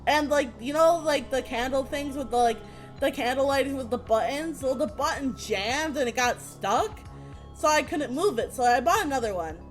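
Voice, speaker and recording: A woman streamer casually telling a rambling story, animated and swearing freely. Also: sits high, moderate pace, soft background music.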